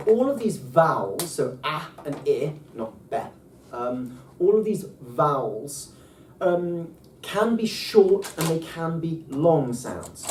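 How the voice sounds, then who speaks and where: A patient man explaining pronunciation step by step, often pausing with um and starting his sentences over. He sits some way back from the microphone in a roomy space, with a faint hiss under his voice. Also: a little high, a little mellow. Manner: patient, hesitant, many ums and restarts. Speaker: Ancient Greek tutor. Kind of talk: relaxed one-to-one teaching. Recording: roomy, far from mic, faint noise.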